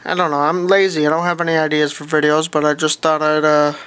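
A man's voice: fairly high pitch, level tone, quick pace, a bit bright, clean tone. A young man giving a casual, rambling vlog update into a handheld music player, offhand and self-mocking. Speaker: vlogger. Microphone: handheld music player camera.

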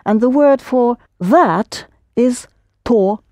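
A woman's voice: on the high side, takes it slowly, a little mellow, no room sound. A woman teaching a language lesson, explaining patiently step by step and prompting her students.

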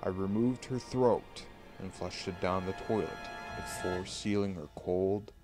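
A man with a fairly low voice reads a horror tale very slowly, letting each line sink in. His delivery is hushed and deliberate, with faint music playing softly behind him. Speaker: creepypasta narrator. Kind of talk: dramatic horror story reading. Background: faint background music.

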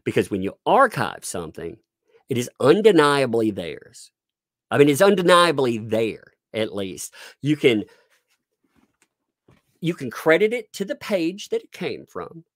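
A man's voice: medium pitch, wildly swooping pitch, a little slow, no echo, studio quality. A middle-aged man giving sarcastic live-stream commentary while reading court documents, with chuckling asides and frequent restarts.

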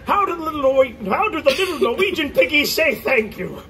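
A man's voice: extremely high pitch, sing-song, brisk, a bit bright, exaggerated voice. A man playing a mischievous magical barn Santa, leading a crowd in a playful, coaxing storytelling show. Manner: playful, coaxing the audience to join in. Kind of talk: interactive theme-park storytelling for a crowd. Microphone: audience member's camera from far off. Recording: distant audience camera recording.

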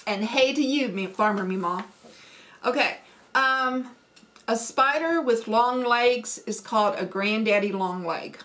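A woman's voice: fairly high pitch, unhurried, fairly bright tone. Folksy Midwestern woman chatting. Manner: chatty, folksy, frequent ums and laughs. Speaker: homesteading vlogger. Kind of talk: casual accent challenge chat.

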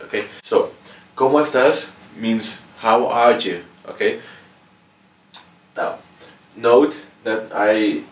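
Mexican man teaching, echoey room. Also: on the low side. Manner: patient, ends phrases with "okay?". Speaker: language teacher. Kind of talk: casual video lesson. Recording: roomy echo, mic at a distance.

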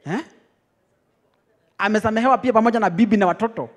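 A young Kenyan man preaching a teaching sermon, lively and teasing, laughing often with his congregation. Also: sits high, quick pace. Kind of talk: teaching sermon, mixing English and Swahili.

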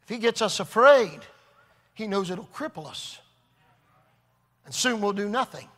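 A male preacher delivering a revival sermon with a strikingly high, bright voice. He hammers his points through repetition and swells toward shouting. A long hall reverb trails behind every phrase. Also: animated, measured pace. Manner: earnest, repetitive, building to shouts. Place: large church hall.

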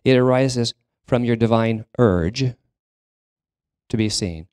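A man preaching a sermon as minister of a spiritual congregation, talking in a halting way, with fillers and restarts as he searches for words. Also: mid-range voice, a little mellow, clean tone, no room sound, studio quality. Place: church sanctuary.

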